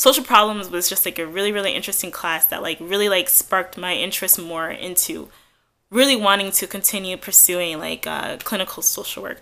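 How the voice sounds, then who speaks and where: Young woman rambling to her camera, bright voice, lots of "like" and "you know". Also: fairly low pitch. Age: 20s. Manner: rambling, filler-heavy, candid. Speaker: vlogger. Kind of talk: casual chat to camera.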